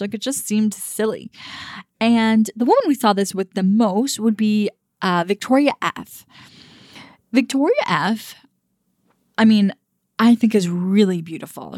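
A woman's voice: medium pitch, lively intonation, unhurried, a little mellow, dry recording, clean studio sound. A young woman, a dating coach, giving frank and emphatic casual commentary with frequent fillers and some swearing.

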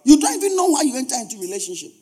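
High-voiced pastor preaching emphatically. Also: male voice, big pitch swings, very fast, mellow, husky. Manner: emphatic, repeats phrases for stress; humorous asides to the congregation. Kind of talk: sermon.

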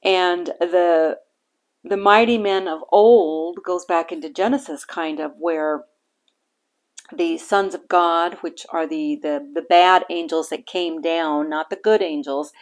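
Slow, halting woman sharing scripture. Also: low voice. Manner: halting, with frequent fillers and restarts; earnest and reflective. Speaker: podcast host reading scripture. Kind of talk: casual bible-reading podcast talk.

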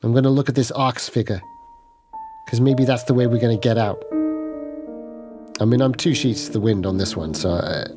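Halting man narrating his character in first person. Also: medium pitch, music in the background. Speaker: player.

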